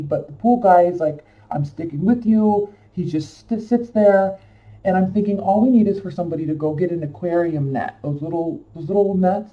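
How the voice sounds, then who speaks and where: A man's voice: high-pitched, recorded from a distance. Emotional man telling a rambling story. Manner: emotional, rambling, many fillers. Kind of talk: casual personal storytelling. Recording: dull lo-fi sound from off-mic.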